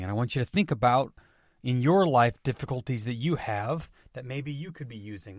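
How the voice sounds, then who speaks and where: An energetic man hosts a motivational podcast at a middle pitch. His delivery is emphatic, and he keeps coming back to his catchphrases. The sound is dry and close, with no room echo. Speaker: podcast host.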